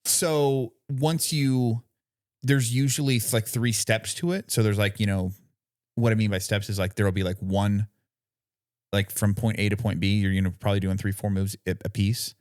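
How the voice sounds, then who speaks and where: A man with a fairly low voice co-hosting a casual podcast chat, recorded close and dry with no room sound. He explains things at length, searching for the right words as he goes and checking in with "you know what I mean". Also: fairly even intonation, moderate pace, darkish tone, dry recording. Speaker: podcast co-host.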